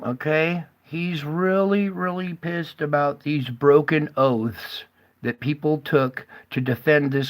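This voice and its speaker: Male reaction host, slow-talking, slightly high voice, hesitant and rambling. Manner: rambling, hesitant, with many fillers. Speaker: commentary host. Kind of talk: casual reaction commentary.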